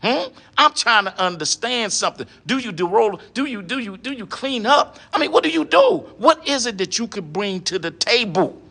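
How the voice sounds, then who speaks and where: A man's voice: high voice, lively intonation, normal speed, gravelly, hardly any pauses, sharp tone. A middle-aged man, lecturing in a preachy monologue and firing off rhetorical questions, often adding "huh?". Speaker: online commentator addressing women.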